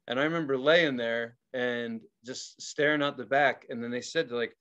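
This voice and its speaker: A man co-hosting a podcast, telling stories in casual chat, laughing often and yelling out quoted lines. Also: medium pitch, moderate pace, few pauses, clear, resonant tone, highs cut off. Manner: animated storyteller, laughs and yells quoted lines. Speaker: podcast co-host.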